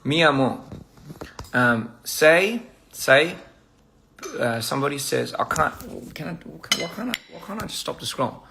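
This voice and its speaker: A man chatting casually on a live stream during a meal, playful and halting, repeating phrases as he practices pronunciation. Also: medium pitch, expressive, vocal fry, bright, forceful tone, slight background noise. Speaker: livestream host. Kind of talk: casual live-stream chat while eating.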